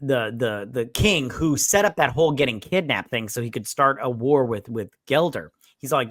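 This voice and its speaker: A man's voice: medium pitch, normal speed, few pauses, dry recording, studio quality. A man co-hosting a movie review, talking casually, swearing freely and acting out the characters as he retells the plot. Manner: animated retelling, swearing, acts out lines. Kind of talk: casual chat.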